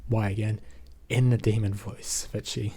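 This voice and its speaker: Recapping a movie in a loose, casual ramble, this Australian reviewer keeps reaching for "basically" and "um." His lowish voice is mellow but slightly rough, with a flat delivery at a moderate pace.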